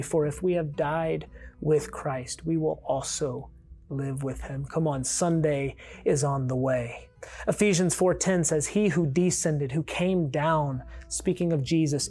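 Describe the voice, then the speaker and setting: A man's voice: fairly high pitch, a little mellow. A man preaching a sermon in an earnest tone, sometimes rising into fervent calls, with faint music behind him. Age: adult. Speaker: pastor.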